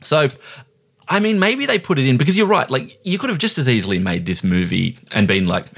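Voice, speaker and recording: A man's voice: medium pitch, very animated, a little fast, gravelly, fairly bright tone. A man co-hosting a casual film podcast, talking loosely and jokily with lots of "like" and "you know.".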